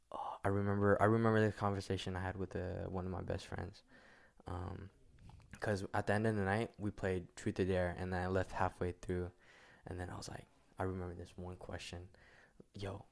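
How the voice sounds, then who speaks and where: Slangy young man, low rambling chat. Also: little pitch movement, normal speed, vocal fry. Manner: slangy, rambling, often drops to a low mutter. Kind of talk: casual chat.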